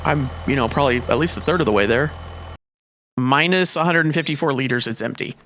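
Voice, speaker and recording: A man's voice: medium pitch, fairly quick, a bit bright, slight background noise. A man giving casual gameplay commentary, thinking aloud in a rambling way and getting easily exasperated. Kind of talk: casual let's-play commentary.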